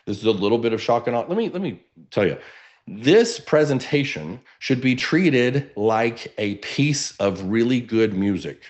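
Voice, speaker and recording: A man with a Texan accent and a baritone voice, coaching realtors in a lively, casual webinar while standing and moving around. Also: unhurried. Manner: energetic, animated, casual. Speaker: real estate coach. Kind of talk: webinar teaching.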